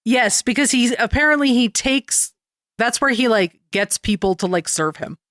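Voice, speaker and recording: A woman's voice: on the high side, lively intonation, moderate pace, a bit bright, no room sound, clean studio sound. A woman co-hosting a comic-book podcast in casual chat, blunt and sarcastic, swearing and saying "like" a lot. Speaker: podcast co-host.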